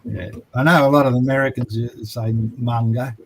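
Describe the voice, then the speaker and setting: A man's voice: mid-range voice, steady tone, moderate pace, slight background noise, low-quality recording. An Australian man hosting a casual chat about comics, rambling and laid-back with plenty of fillers. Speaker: host.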